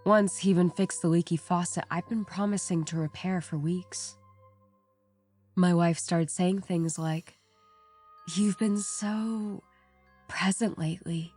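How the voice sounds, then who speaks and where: A woman narrates a horror story in a measured, somber way. Her voice sits low and has a dark, mellow tone. Faint music plays quietly beneath her reading. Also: flat delivery. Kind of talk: scripted narration. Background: faint background music.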